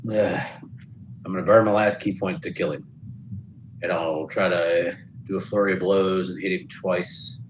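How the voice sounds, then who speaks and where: A man playing a tabletop game, declaring attacks and slowly adding up his damage. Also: sits low, fairly even intonation, slight background noise, low-quality recording. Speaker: player.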